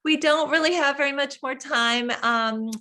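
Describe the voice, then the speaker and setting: A woman hosting an online meeting with a slightly higher voice. She is warm and encouraging toward her guest. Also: moderate pace. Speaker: host.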